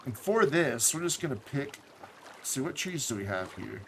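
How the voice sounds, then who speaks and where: A man streaming a city-building game, thinking aloud in relaxed commentary with small asides. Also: mid-range voice, normal speed, slight background noise.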